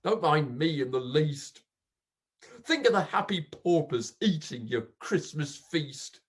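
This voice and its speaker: A grief-stricken old pauper man, bitter and accusing, as a reader recites him. The husky voice moves slowly and swings wildly in pitch, dropping to hushes and surging to cries. It is a melodramatic poetry recitation. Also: expressive. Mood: anguished, bitter.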